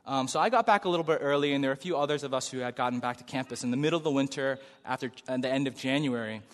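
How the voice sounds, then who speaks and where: A man telling a personal story to an audience, animated, acting out sounds and quotes. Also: mid-range voice, racing. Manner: animated, acts out sounds and quotes, builds to shouting. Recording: long hall reverb.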